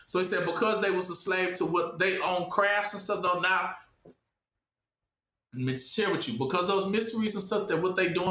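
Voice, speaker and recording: A man preaching informally, often pausing with "what?" for listeners to finish his sentences. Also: sits high, sharp tone, echoey room. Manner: asks the audience to fill in the word with "what?".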